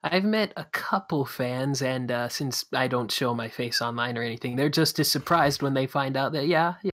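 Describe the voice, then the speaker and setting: A man's voice: medium pitch, normal speed, fairly bright tone. A young man from Canada, co-hosting a podcast in a laid-back, chatty way. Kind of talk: casual podcast chat.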